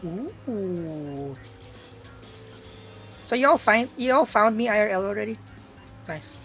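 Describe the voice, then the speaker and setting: A woman's voice: mid-range voice, lively intonation, takes it slowly, fairly bright tone, soft background music. A young woman, chatting playfully to her live-stream audience while gaming and laughing often.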